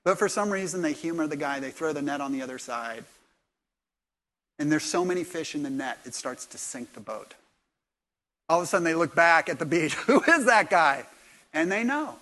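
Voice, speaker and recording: Middle-aged man preaching, hushed to loud. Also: a little high, animated, fairly quick. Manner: storytelling with swings from hushed to loud. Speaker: pastor. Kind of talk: sermon.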